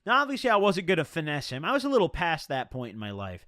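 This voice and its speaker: A man's voice: on the high side, sing-song, a little fast, bright, forceful tone, no room sound, studio quality. A young man telling a rambling, profane storytime tale in slangy, casual talk.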